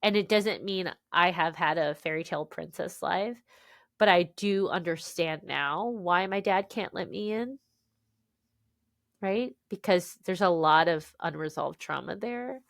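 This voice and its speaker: A woman's voice: fairly low pitch, measured pace, vocal fry, no room sound, clean studio sound. A woman author as a podcast guest, telling her story candidly and animatedly, often tagging lines with "right?". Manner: animated, peppers speech with "right?" and "dude".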